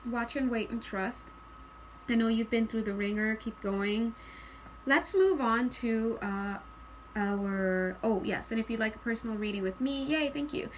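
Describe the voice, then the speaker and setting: Woman tarot reader, chatty and giggly, slightly high voice, light room hiss. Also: a little slow. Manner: bubbly, giggly, chatty, acts out sighing voices. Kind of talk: casual tarot reading video.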